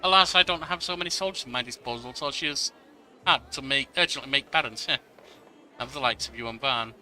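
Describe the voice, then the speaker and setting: A man's voice: medium pitch, fairly quick, pushed and bright, slight background noise. A man reading an arrogant nobleman's lines aloud in a haughty, offhand manner. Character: arrogant, bored young male baron.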